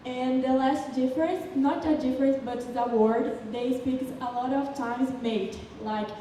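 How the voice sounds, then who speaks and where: A woman's voice: high-pitched, steady tone, normal speed, warm tone. Brazilian woman presenting in an echoey hall. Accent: Brazilian Portuguese. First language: Portuguese. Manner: careful, explanatory, with occasional stumbles. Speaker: English student giving a final presentation. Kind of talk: prepared classroom presentation. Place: large city council chamber. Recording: echoey hall from far off with faint noise.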